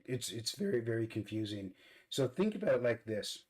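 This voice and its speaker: An earnest man chats casually as he puts on makeup for his vlog. His voice sits at a middle pitch. He stops and restarts his phrases often, repeating words on the way. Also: big pitch swings, normal speed, a little mellow, low-quality recording. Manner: earnest, repeats words while searching for them. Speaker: vlog host. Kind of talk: casual talk while doing makeup.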